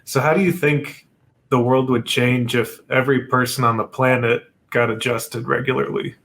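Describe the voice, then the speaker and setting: A man hosting a podcast, putting an even question to his guest. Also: mid-range voice, normal speed. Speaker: podcast host. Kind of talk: interview question.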